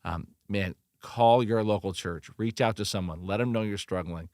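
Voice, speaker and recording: A middle-aged man, a pastor, giving earnest, animated encouragement in a podcast interview, often restarting his sentences. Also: on the low side, moderate pace, dry recording, clean studio sound. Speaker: pastor and church leadership consultant.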